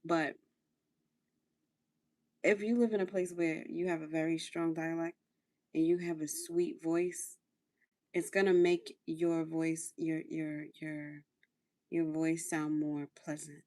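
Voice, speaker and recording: A woman's voice: sits low, level tone, slow, pauses often, darkish tone. A woman hosting a casual livestream, chatting through her skincare routine in a coaching tone and repeating phrases for emphasis. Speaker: livestream host.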